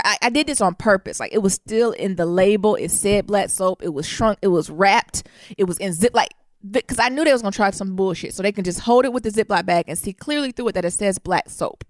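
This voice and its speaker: Animated woman ranting. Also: medium pitch, fairly quick, no room sound, studio quality. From Detroit. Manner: indignant, profane, animated storyteller. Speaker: podcast co-host. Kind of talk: casual storytelling chat.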